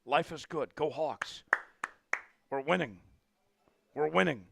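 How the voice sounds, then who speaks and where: A man hosting a live sports stream, calling plays and shouting when his team scores. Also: a little high, slow pace, vocal fry, noisy background. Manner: excitable, shouts big plays. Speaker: livestream sports host. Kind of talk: live play-by-play watch-along.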